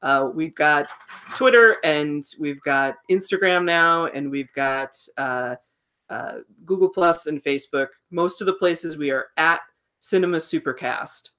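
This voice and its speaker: A woman's voice: deep voice, a little slow, pushed and bright. A middle-aged woman co-hosting a casual podcast livestream, easygoing as she runs the announcements. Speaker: podcast co-host. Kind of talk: casual chat.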